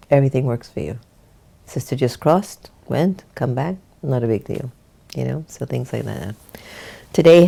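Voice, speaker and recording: A woman spiritual teacher who talks chattily to her audience and then turns to slow, calm teaching about dreams and meditation. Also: sits low. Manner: chatty storytelling that slows into calm, unhurried teaching; addresses her audience directly, inviting them to share and take part. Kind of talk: casual talk and meditation teaching.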